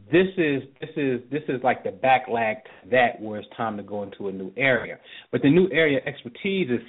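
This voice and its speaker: A man's voice: mid-range voice, husky. A man hosting a call-in astrology show, giving readings in an emphatic, preachy way and often checking in with "right?". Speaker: astrologer host. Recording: tinny phone-line sound.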